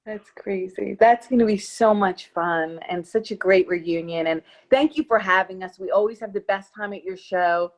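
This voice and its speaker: A woman's voice: mid-range voice, moderate pace, few pauses, rough recording. A woman being interviewed as an actress guest, chatting casually in a bubbly, gushing way.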